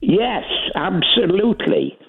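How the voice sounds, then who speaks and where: Gravelly man on a phone line. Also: high-pitched, huge pitch swings. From Wales. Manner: slow, opinionated, with many ums. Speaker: caller. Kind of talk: phone-in chat. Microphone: telephone.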